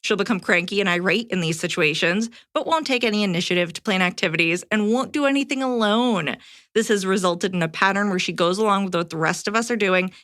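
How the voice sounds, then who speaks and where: A woman co-hosting a podcast, reading listener letters aloud in a brisk, matter-of-fact way. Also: medium pitch, fairly bright tone. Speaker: podcast co-host.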